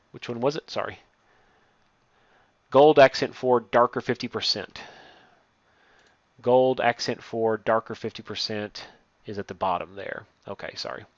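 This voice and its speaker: A man teaching a step-by-step software lesson, reading each instruction aloud and then explaining it as he works on screen. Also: fairly low pitch, dry recording. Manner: reads steps aloud, then explains while clicking. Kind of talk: software tutorial walkthrough.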